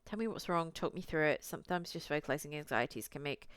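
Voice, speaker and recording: A woman's voice: low-pitched, lively intonation, quick pace, a bit bright, clear, resonant tone, dry recording. A young woman streamer reading a visual novel aloud, with chatty, cursing asides to her chat.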